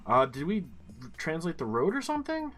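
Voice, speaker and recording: A man's voice: a little high, wildly swooping pitch, moderate pace, a bit bright, faint music behind. A man giving casual game commentary, thinking aloud as he works through clues, muttering and swearing now and then. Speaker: gaming streamer.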